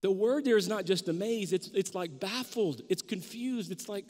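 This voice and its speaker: Speaking at a normal speed, a pastor with a high, carrying voice gives an animated sermon, taking on the disciples' parts in excited, raised tones. Every line rings out with a long reverb tail from the sanctuary.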